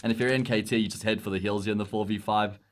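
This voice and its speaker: South African esports commentator, analytical. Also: male voice, fairly low pitch, flat delivery, a little hiss or hum. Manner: analytical, measured breakdowns of plays.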